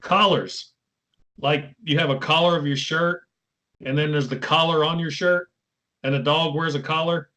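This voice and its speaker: A man's voice: a little high, steady tone, moderate pace, sharp tone. Easygoing West Virginian man. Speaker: podcast host. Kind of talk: casual podcast chat.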